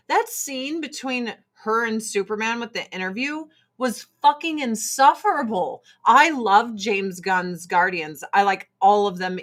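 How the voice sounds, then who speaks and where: A middle-aged woman hosting a show, chatting casually in an animated, profane, rambling way. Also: fairly high pitch. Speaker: host. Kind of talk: casual chat.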